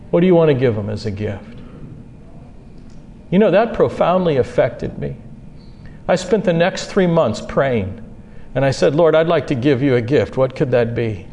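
A man preaching a sermon as pastor, earnest, moving between soft asides and loud, high-pitched bursts. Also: creaky, in a large hall, lo-fi sound, a little hiss or hum.

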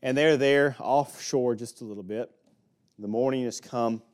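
Man, Alabama accent, preacher, folksy sermon, light humor, slows down for somber moments. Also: mid-range voice, darkish tone, clear, resonant tone. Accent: Southern US (Alabama). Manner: folksy, with small jokes and laughs. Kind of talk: sermon, expository Bible teaching.

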